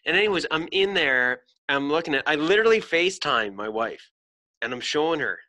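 A man hosting a podcast, telling an animated story in casual chat, swearing freely and acting out voices. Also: on the high side, brisk. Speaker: podcast host.

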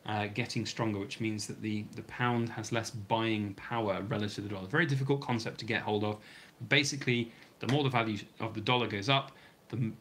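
British guy rambling on a live stream, voice going a bit hoarse, faint hum behind. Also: medium pitch, a bit bright. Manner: rambling, chatty, reads out viewer comments. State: starting to lose his voice. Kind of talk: casual live stream chat.

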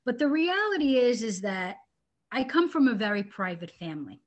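A bubbly woman recounting her personal story as a podcast guest. Her voice sits on the higher side, and she talks in a heartfelt, chatty way. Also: very animated, normal speed, muffled recording. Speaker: guest, inventor and entrepreneur. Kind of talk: casual interview chat.

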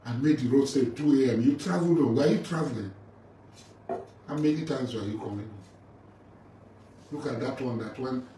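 A middle-aged Nigerian English speaker, a militant leader, confronts a rival with an angry, taunting, mocking rant. His voice is medium-pitched, at a moderate pace with frequent pauses. The mic is far off in a roomy space, picking up faint ambient noise.

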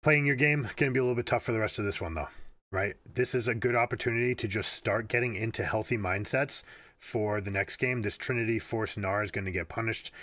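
A man commentating on an esports match and giving coaching advice, energetic and repeating words as he explains. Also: fairly low pitch, dry recording. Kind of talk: game analysis with coaching advice.

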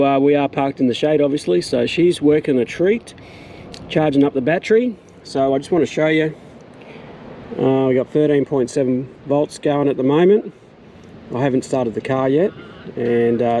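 Filming his beach campsite, this camping vlogger is a middle-aged Australian man who keeps the outdoor vlog chat relaxed and slang-heavy. His mid-range voice has a warm tone, with a little hiss or hum on the recording.

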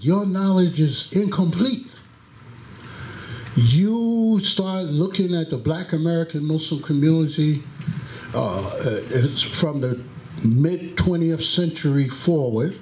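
A man with a fairly high voice speaks very slowly and deliberately as he introduces a lecture. He tells stories and acts out the quotes. His voice rings through an echoey hall, with faint noise in the background. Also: darkish tone. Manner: deliberate, drawn-out delivery with acted-out quotes. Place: mosque hall.

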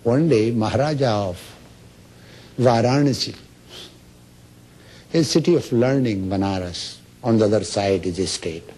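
A man's voice: lowish voice, measured pace, long pauses, warm tone. A man giving a lecture on meditation as a spiritual teacher, telling stories and acting out the quoted speech. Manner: storytelling, acts out quoted speech.

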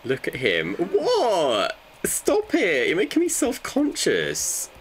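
Deep-voiced man, joking streamer. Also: fairly bright tone, a little hiss or hum. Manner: joking, bantering with chat. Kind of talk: casual live gameplay chat.

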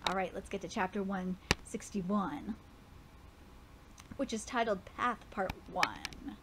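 A woman streamer reading a manga aloud on a live reaction stream, excitable, swearing casually and stumbling over words. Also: mid-range voice, takes it slowly, noisy background.

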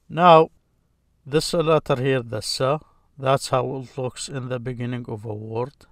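Slow patient male teacher. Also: mid-range voice, gravelly, no room sound, studio quality. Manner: patient, repeats each sound, pauses often. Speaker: Arabic teacher. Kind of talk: slow letter-by-letter lesson.

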